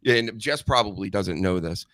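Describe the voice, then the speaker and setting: A man hosting a podcast, ranting in an animated, sarcastic, profane way. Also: lowish voice, normal speed, dry recording, clean studio sound. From United States. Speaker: podcast host. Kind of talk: casual ranting chat.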